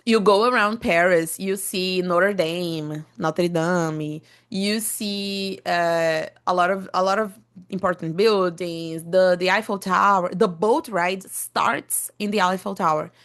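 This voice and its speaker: A woman's voice: mid-range voice, a little slow, fairly bright tone. A young woman with a Brazilian Portuguese accent, a native Portuguese speaker, chatting enthusiastically as a podcast host, with many fillers and restarts. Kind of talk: casual podcast monologue for English learners.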